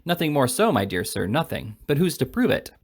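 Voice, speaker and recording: A man's voice: mid-range voice, sing-song, a little fast, no echo. A man reading aloud and voicing a fussy little male lawyer who talks in a bustling, chatty and knowing way.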